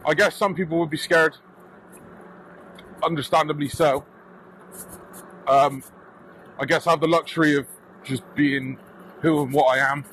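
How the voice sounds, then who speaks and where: A British man vlogging from his electric bike, telling an animated, casual story and swearing now and then. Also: a little high, measured pace, long pauses, slight background noise, rough recording. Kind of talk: casual storytelling while riding. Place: outdoors on a bike path.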